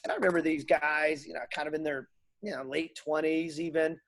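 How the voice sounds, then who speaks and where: A middle-aged man spins animated stories in a relaxed conversation, his voice sitting a little high. He acts out the dialogue in his tales. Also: a little fast. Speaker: guest. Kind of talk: casual storytelling.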